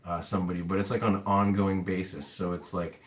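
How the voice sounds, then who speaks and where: A man's voice: low voice, little pitch movement, brisk. A man who runs an animal rescue, chatting casually with live viewers in a loose, rambling way, full of fillers. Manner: rambling, filler-heavy, answers chat comments. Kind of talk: casual live stream chat. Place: home room with pets. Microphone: camera on upside-down tripod.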